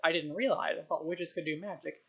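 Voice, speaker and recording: A woman's voice: sits low, a little fast, creaky, husky, muffled recording, heavily acted. A woman playing a stiffly formal ghost king. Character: dignified ghost of a dead male king.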